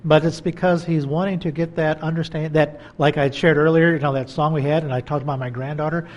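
Older guy hosting a church talk show, reflective, kinda sermony, higher voice. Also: fairly even intonation, brisk. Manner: reflective, preachy, backchannels with "hmm" and "amen". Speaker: interview host.

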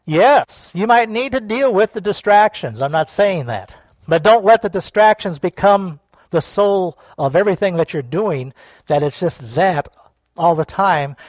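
A man preaching a sermon, swinging between hushed reflection and loud, laughing outbursts. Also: a little high, dry recording. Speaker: pastor.

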